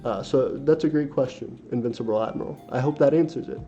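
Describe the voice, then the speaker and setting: Casting a young man to host a casual stream: keep it dark and mellow, ramble a little, stop and correct yourself, and read the chat comments off the screen. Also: medium pitch, brisk, creaky, faint music behind. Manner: rambling, many fillers and self-corrections. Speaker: livestream host. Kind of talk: casual livestream chat, reading viewer comments aloud. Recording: dull lo-fi stream audio with faint hiss.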